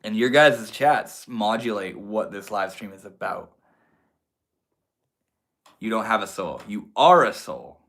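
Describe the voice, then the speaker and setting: A man's voice: lowish voice, lively intonation, measured pace, pauses often, fairly bright tone. A man from Maine hosting a casual livestream, reading and answering chat comments in a laid-back, slangy way, calling viewers homie and bro. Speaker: livestream host.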